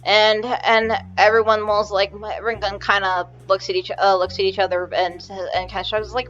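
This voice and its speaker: A woman's voice: mid-range voice, level tone, moderate pace, hardly any pauses, a bit bright, soft background music. A woman narrating a tabletop game as game master, chatty and often restarting her sentences. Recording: muffled lo-fi recording.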